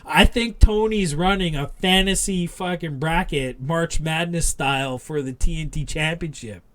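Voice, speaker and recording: A man co-hosting a casual wrestling podcast, rambling and animated as he retells a segment, full of restarts. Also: fairly high pitch, normal speed. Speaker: podcast co-host.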